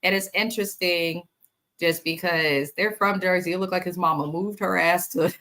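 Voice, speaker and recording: A woman's voice: fairly low pitch, fairly even intonation, moderate pace, fairly bright tone. A woman hosting a casual live recap of a reality TV episode. She talks straight to her viewers, blunt, opinionated and full of swearing. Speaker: host of a reality TV recap channel.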